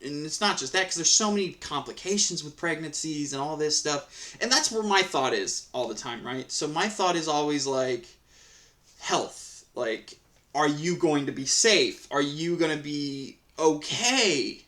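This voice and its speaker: A man's voice: fairly high pitch, animated, measured pace, a bit bright. Profane, fired-up man reacting to stories. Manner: profane, heated ranting; rambling with frequent restarts. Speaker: Reddit story reader and commentator. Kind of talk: casual reaction commentary.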